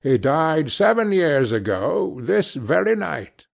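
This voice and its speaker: A bitter, miserly old man snaps back with curt, growling replies, as a man voices him. His voice is gravelly and slow. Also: fairly high pitch, sing-song, full character voice.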